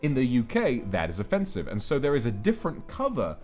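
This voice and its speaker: A British man hosting a casual chat, animated and given to swearing. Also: mid-range voice, faint music behind. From United Kingdom. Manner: animated, swearing, quick asides. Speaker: streamer host.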